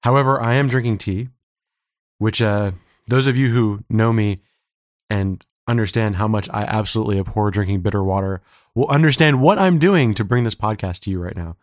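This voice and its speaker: A man co-hosts a podcast, chatting in a casual, joking way. His throat is slightly scratchy. His voice sits a little low, and the sound is dry and close. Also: fairly quick, no room sound. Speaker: podcast co-host.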